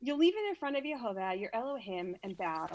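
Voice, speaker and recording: Very animated and brisk, this woman's voice sits on the high side with a slightly mellow quality. She has a Brooklyn accent, comes from Brooklyn, New York, and appears as a podcast guest reader, chatting casually and reading scripture aloud with small stumbles and repeats.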